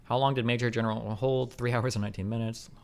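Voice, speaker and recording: A man streaming live, reading a report aloud at a quick clip and breaking off for skeptical asides. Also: mid-range voice, steady tone, a little mellow.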